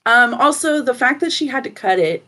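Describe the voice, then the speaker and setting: A woman's voice: high-pitched, expressive, moderate pace, pushed and bright. A woman guest on a podcast, chatting casually and leaning on "like" as she talks. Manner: chatty, full of "like" fillers.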